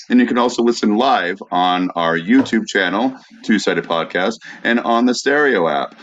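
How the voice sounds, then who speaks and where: A man hosting a podcast, reading out the show's sign-off and contact details in a steady, announcer-like way. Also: lowish voice, highs cut off. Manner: steady, announcer-like wrap-up delivery. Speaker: podcast host. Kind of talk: show sign-off.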